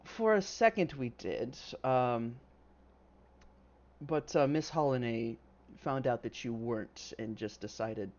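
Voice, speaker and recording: A man's voice: mid-range voice, slow, darkish tone, dull audio. A man doing a poised, doting noble mother. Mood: explaining. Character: elegant, poised middle-aged noble mother.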